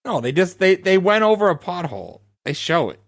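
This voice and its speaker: A man's voice: sits high, very animated, fairly quick, creaky. A man co-hosting a podcast in casual chat, making dry, matter-of-fact jokes. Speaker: podcast co-host.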